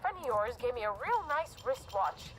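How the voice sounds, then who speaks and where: A woman's voice: on the high side, big pitch swings, normal speed. An actress playing a taunting female kidnapper in a video game, speaking in a mocking, smug way over a radio channel.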